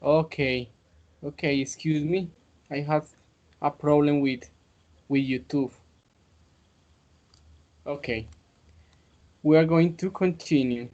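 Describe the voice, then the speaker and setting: A man teaching an online English class, speaking slowly and hesitantly, often saying okay. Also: fairly high pitch, fairly even intonation, a little mellow. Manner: slow, hesitant, repeats okay. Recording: dull lo-fi online call audio.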